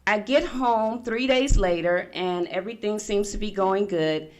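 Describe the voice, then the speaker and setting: Middle-aged woman, forum speaker, animated storyteller who plays all the parts herself, mid pitch. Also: a little slow. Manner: animated storyteller acting out past conversations. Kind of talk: personal story told to an audience. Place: conference room.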